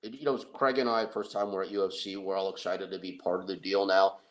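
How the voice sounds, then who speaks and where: Lower-voiced middle-aged man, animated storyteller, laughs at himself. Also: fast. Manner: animated, self-deprecating, laughs often. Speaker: wrestling and MMA manager. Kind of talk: anecdotal storytelling.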